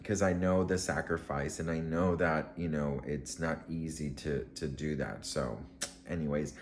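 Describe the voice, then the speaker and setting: A man's voice: very deep voice, fairly even intonation, unhurried. A man vlogger telling a story to camera in a casual, gushing, emotional way, rambling with many fillers.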